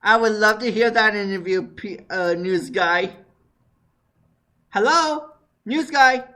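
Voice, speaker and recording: A man calling in as a guest on an internet talk show, exasperated and quick to blow up, then apologetic. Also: sits high, pushed and bright. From Wisconsin. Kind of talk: casual talk radio chat.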